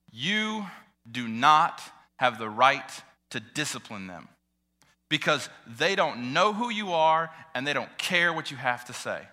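Young male pastor, earnest sermon delivery, bright tense tone, pitch a bit high. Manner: earnest, emotional, dynamic delivery with swells and drops. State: tearing up.

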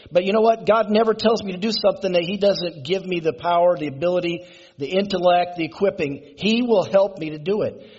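In a church sanctuary, a male pastor with a slightly high, slightly rough voice delivers a conversational sermon, asking his congregation to respond. He builds to raised, emphatic passages, captured in a muffled, lo-fi recording.

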